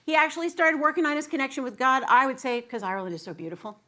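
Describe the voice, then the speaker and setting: A woman's voice: sits high, expressive, racing, pushed and bright. A middle-aged woman giving a Sunday sermon as guest minister, bubbly and chatty, laughing with her congregation. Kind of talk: sermon with singing and audience banter. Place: church sanctuary.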